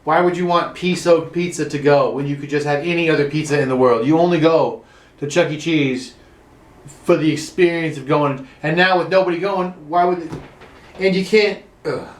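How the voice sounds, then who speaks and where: High-voiced sarcastic comedian man. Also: moderate pace, reverberant. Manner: swearing, sarcastic, rising to exaggerated outrage. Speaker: standup comedian. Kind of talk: solo comic rant. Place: his own room.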